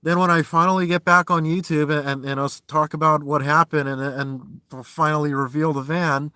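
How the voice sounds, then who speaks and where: A man in a heated, profanity-laced live-stream rant from his van. His voice has a bright, sharp edge and sits close and dry on the mic. He jumps from loud outbursts to weary, low muttering. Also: fairly even intonation, brisk, few pauses, smooth, no room sound. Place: inside a parked van.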